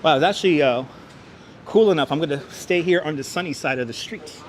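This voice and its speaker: Fairly high-pitched and brisk, a man livestreams his walk around the city, giving tour commentary and greeting chat members by name. Audio comes through a wireless clip-on mic paired with a phone camera on a gimbal, with soft traffic noise behind.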